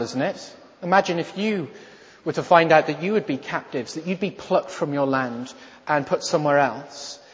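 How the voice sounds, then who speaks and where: A high-pitched male preacher delivering a sermon at an unhurried pace, full of rhetorical questions, rising loud and then falling quiet. The sound is dull and lo-fi, with long reverb from a large hall. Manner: emphatic, rhetorical questions, swings from loud to hushed.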